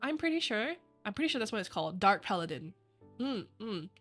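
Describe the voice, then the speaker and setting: A woman's voice: mid-range voice, very animated, a little fast, fairly bright tone, soft background music. A young woman streamer chatting casually with viewers, rambling with lots of fillers and giggling often. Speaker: virtual streamer. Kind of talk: casual livestream chat.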